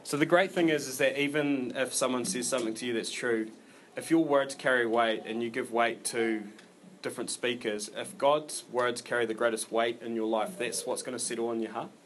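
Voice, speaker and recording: A man preaching a sermon in a relaxed, conversational way, full of fillers and restarts. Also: medium pitch, normal speed, slight background noise. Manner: informal, rambling delivery with many fillers and restarts.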